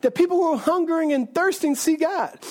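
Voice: very high-pitched, fairly quick. A preacher giving an informal, conversational sermon who checks in with the audience often and restarts sentences a lot. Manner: animated, conversational, keeps asking the audience "right?"; frequent restarts and self-corrections.

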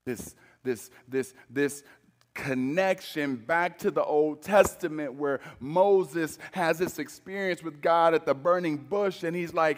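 A male pastor preaching in a large church hall, his voice trailing off into a long reverb. He speaks slowly and deliberately, with a somewhat high voice, and drops suddenly to a hush for weight before rising again to press a point. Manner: dramatic shifts between loud emphasis and hushed low delivery. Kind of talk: sermon.

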